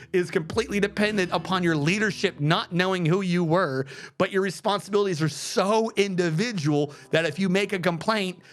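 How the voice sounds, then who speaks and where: High-voiced man ranting bluntly. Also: a bit bright. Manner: profane, blunt, explains step by step. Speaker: game streamer. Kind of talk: casual rambling rant.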